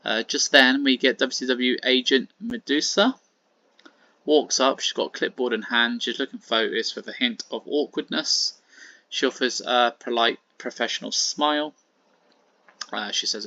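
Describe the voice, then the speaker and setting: A man's voice: medium pitch, moderate pace, pushed and bright, dry recording. A man casually narrating a wrestling simulation game, with frequent fillers. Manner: casual, with many fillers and "sort of". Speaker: wrestling sim host. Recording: dull, lo-fi and dry.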